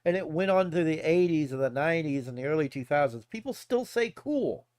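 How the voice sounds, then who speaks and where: A rambling, profane man in his forties holds forth to a live stream, laughing between tangents. His voice sits a little high and swings widely in pitch. The sound is dry and close. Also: expressive, a little fast, a little mellow, dry recording. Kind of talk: casual rant.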